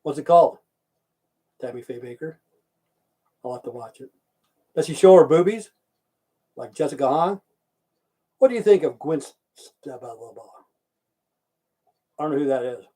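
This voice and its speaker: A man's voice: fairly high pitch, mellow, husky. A man from Idaho hosting a live stream, chatting casually, swearing often and answering viewers' chat messages aloud. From Idaho, USA.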